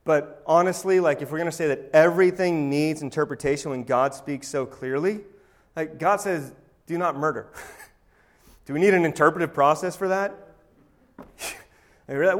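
A man delivers a sermon as pastor, his voice sitting noticeably high for a man. He speaks with emphasis and slips into sarcastic asides. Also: moderate pace, creaky, long pauses.

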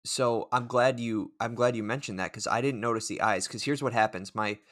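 A man co-hosting a casual chat about horror films, talking in a relaxed, conversational way. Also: medium pitch, fairly quick, no echo, clean studio sound. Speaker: podcast co-host.

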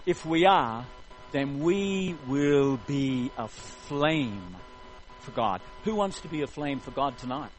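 A man preaching a sermon, retelling a story in an animated, jokey way. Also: medium pitch, takes it slowly, soft background music, rough recording.

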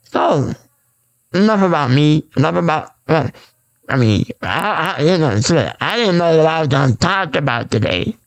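A man's voice: fairly high pitch, expressive, moderate pace. A man hosting a raw, unscripted solo podcast, rambling and repeating himself with lots of fillers and restarts. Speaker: podcast host.

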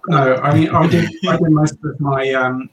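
A man's voice: a little high, steady tone, moderate pace, reverberant, poor audio. A man chatting casually, hesitant and self-deprecating, with lots of ums. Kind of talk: casual chat.

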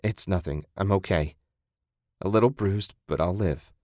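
A man's voice: low-pitched, unhurried, darkish tone, no echo, studio quality. A man voicing a shaken young man who pants, shivers and sobs as he speaks. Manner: panting, shaky and sobbing. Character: shaken, battered young man, near breaking.

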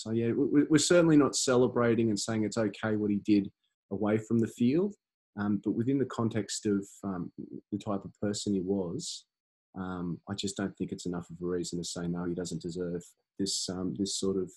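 A man in his thirties, a guest in a casual interview, talking in a halting way with many fillers and restarts. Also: lowish voice, darkish tone, husky. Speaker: campaign organiser, guest.

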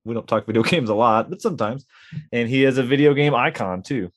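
A man's voice: medium pitch, a little fast, no room sound. A man co-hosting a casual podcast, adding dry, joking asides. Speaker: podcast co-host.

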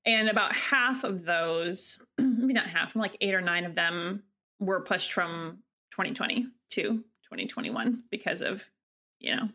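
A woman's voice: on the low side, expressive, measured pace, pushed and bright. A woman hosting a podcast in a casual chat, talking about her work as a wedding photographer in a giggly, easygoing way. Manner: chatty and giggly, with fillers like "like".

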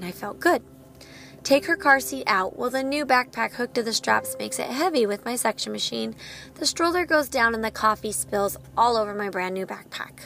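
Candid woman with a gravelly edge. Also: fairly high pitch, lively intonation, moderate pace, a bit bright. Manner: candid, self-encouraging, laughs at herself. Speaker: podcast host, parent of a child with medical needs. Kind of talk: personal podcast monologue.

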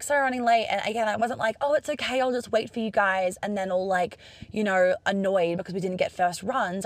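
A woman's voice: mid-range voice, no echo. A young Australian woman with an Australian accent, talking casually to camera in a chatty, upbeat, profane way and acting out bits of dialogue.

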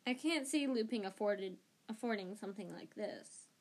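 A woman voicing a puzzled, low-key teenage boy wizard in an amateur audiobook reading, speaking in a muttering way close to her own voice. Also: lively intonation, moderate pace.

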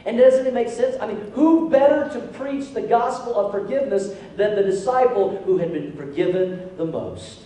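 A male pastor preaching a sermon in a church, animated, calling out to the congregation for responses. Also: high-pitched, moderate pace, hardly any pauses, a little hiss or hum. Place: church sanctuary. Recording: echoey hall from far off.

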